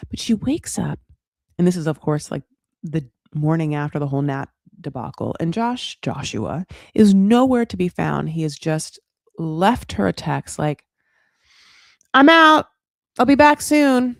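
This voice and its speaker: A woman's voice: low-pitched, lively intonation, moderate pace, creaky, warm tone, no echo, clean studio sound. A woman hosting a casual reality TV recap, chatty and frank, swearing freely and putting on dramatic voices when she quotes people. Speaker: recap show host.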